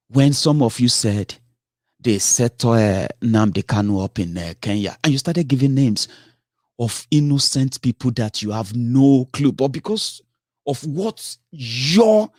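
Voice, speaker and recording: A man's voice: mid-range voice, animated, measured pace, darkish tone, no echo, studio quality. A man giving impassioned political commentary, breaking into exasperated outbursts, repeating himself and restarting his sentences. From Nigeria.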